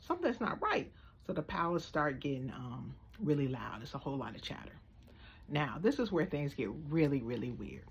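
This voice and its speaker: An American woman giving blunt, slangy, animated opinion commentary in a casual vlog. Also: extremely low pitch, normal speed, creaky, a little hiss or hum. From United States. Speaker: vlogger.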